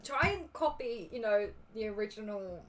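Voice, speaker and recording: A woman's voice: mid-range voice, animated, normal speed, a bit bright, slight background noise. Giggly, chatty English woman. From England. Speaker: livestreamer and cosplay judge. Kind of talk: casual livestream chat.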